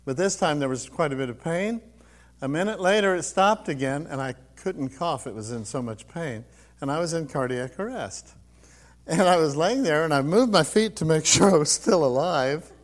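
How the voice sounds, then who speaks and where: A man's voice: on the high side, expressive, normal speed. An older man giving a personal testimony, telling his story with frequent laughs and quoting others as he goes. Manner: storytelling, laughs often, acts out quotes.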